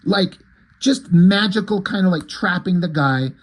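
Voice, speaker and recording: A man with a husky voice that sits a little high for a man, talking through a comic book page by page. He thinks out loud, swears casually and gets openly excited about what he reads. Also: unhurried. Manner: enthusiastic, sweary, thinking aloud. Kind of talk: casual reading and commentary.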